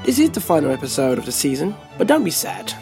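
Gravelly guy, kinda high voice, hosting story show over soft fiddle. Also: very animated, fast, over music. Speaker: podcast host. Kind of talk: scripted narration.

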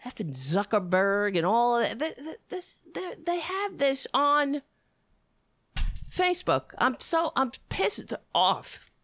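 A woman's voice: fairly high pitch, sing-song, takes it slowly, fairly bright tone, no room sound. A woman giving ranting political commentary, heated, sarcastic and swearing freely.

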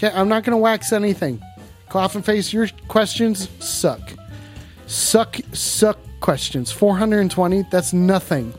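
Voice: mid-range voice, unhurried, soft background music. Profane, jokey live streamer. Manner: profane, jokey, teasing its chat. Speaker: live streamer reading chat. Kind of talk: casual live-stream chat.

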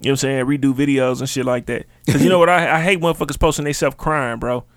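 A man's voice: medium pitch, fairly even intonation, fast, no room sound, clean studio sound. A young man co-hosting a podcast, telling stories in a loose, profane, casual chat. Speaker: podcast co-host.

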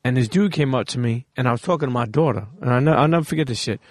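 A man hosting a podcast, telling stories in a lively, profane way in casual interview chat. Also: medium pitch, racing, no room sound, clean studio sound. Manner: animated, profane storytelling. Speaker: podcast host.

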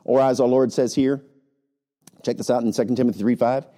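A man's voice: medium pitch, steady tone, a little fast, warm tone. A male pastor preaching a sermon with emphatic rhetorical questions and frequent "right?" asides, sometimes mocking other preachers.

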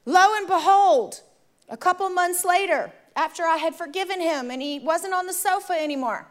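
A woman preaching, telling a personal story to the congregation in an animated, conversational way. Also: very high voice, moderate pace. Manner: animated, addresses the audience directly, conversational. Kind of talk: sermon storytelling.

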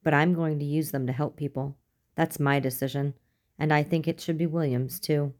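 Resolute teenage girl, even tone, determined, read by a woman. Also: sits low, normal speed, natural voice.

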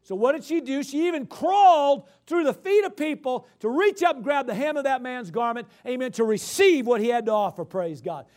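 High-voiced emphatic male preacher. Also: brisk, few pauses. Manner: animated, swings from loud emphatic bursts to quiet explaining; repetitive, emphatic. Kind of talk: sermon.

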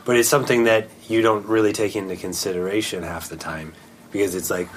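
A man co-hosting a podcast, explaining lighting in a measured, casual way. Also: lowish voice, steady tone, a little hiss or hum.

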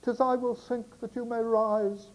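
A man putting on a high-voiced coy young maiden. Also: little pitch movement, a little slow, poor audio. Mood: coy alarm. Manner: high, put-on girlish voice.

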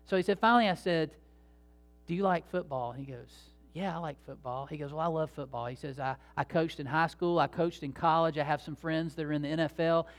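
A man's voice: fairly high pitch, fast talker, hardly any pauses. A man preaching a sermon as pastor, in a conversational, folksy way with many fillers and restarts.

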